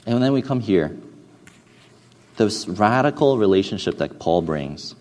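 A man's voice: lively intonation, a little slow. Man preaching in a reverberant hall. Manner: earnest, hesitant with frequent restarts, drops soft and low for stories. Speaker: pastor. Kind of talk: sermon.

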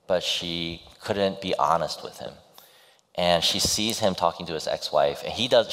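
Deep-voiced male pastor in an echoing hall. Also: fairly bright tone. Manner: storytelling, halting with fillers and restarts. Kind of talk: sermon.

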